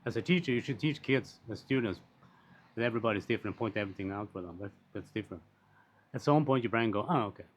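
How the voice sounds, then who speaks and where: A man talking in a casual, rambling monologue, blunt and quick to swear, with frequent restarts and asides. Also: on the low side. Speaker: commentator on social issues. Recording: dull lo-fi recording.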